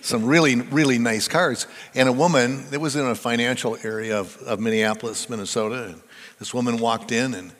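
A man's voice: medium pitch, steady tone, fairly quick, fairly bright tone. A male pastor preaching a conversational sermon in a church, putting questions to the congregation. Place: church sanctuary. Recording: reverberant church hall.

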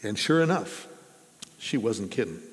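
A man's voice: on the low side, big pitch swings, a little slow. A man preaching a sermon as pastor, earnest and conversational, asking his listeners questions. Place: church sanctuary. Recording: reverberant church hall.

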